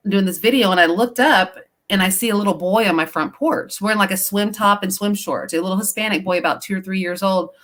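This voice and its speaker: Rambling, animated woman telling stories. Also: medium pitch. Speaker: paranormal investigator guest. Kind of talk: casual chat, personal storytelling.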